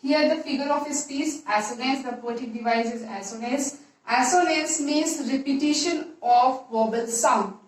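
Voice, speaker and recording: A woman teacher, slowly explaining a poem to a class and repeating her points. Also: high voice. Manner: slow, repetitive explaining with restarts. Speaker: English teacher. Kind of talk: classroom poetry lesson. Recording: echoey room, voice far from mic.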